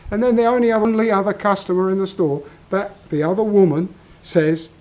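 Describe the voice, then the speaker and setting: A man's voice: high voice, fairly even intonation, brisk, darkish tone, poor audio. An older Australian man telling a long story in a casual vlog, drifting off on tangents. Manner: rambling, self-interrupting storyteller. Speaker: vlogger.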